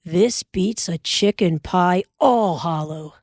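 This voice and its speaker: A woman's voice: on the low side, slow, a little mellow, no room sound, clean studio sound. A woman reading a hearty frontier father. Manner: hearty and reassuring. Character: Pa, a cheerful, steady frontier father.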